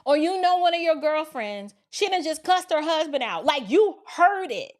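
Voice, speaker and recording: A woman hosting opinion commentary, preachy and animated, often slipping into quoted voices of friends. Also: high voice, moderate pace. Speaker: commentary host.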